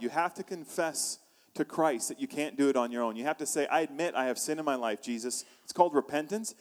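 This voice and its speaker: A man preaching a sermon as pastor, animated, acting out quoted voices and asking the congregation questions. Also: on the high side, long reverb tail.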